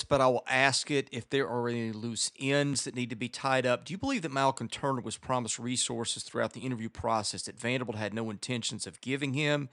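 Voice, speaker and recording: A man hosting a radio show, reading listener questions in a plain, measured way. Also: mid-range voice, fairly bright tone, no room sound, studio quality. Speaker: radio host. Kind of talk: radio interview.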